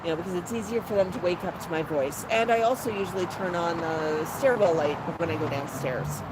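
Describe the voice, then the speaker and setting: A woman's voice: lowish voice, fairly quick. A woman host telling a rambling story casually on a phone live stream from an outdoor patio, with plenty of fillers. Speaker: pet parrot channel host. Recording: noisy outdoor phone recording.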